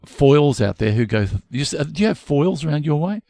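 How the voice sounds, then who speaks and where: A middle-aged man tells a story in a casual chat. His voice is gravelly and rises and falls a lot. The sound is dry and close. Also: fairly high pitch, fairly quick, no echo. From Australia. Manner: chatty, animated storyteller. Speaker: podcast co-host. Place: home shed.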